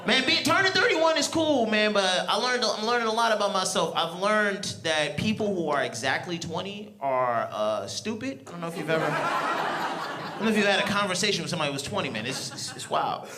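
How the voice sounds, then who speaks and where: A man in his thirties from New York doing stand-up in a club, his pitch a touch high and swinging widely as he tells slangy stories with laughing asides. A noisy crowd reacts around him. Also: lively intonation, brisk. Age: 30s. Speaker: stand-up comedian. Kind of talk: stand-up comedy set. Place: comedy club with live audience.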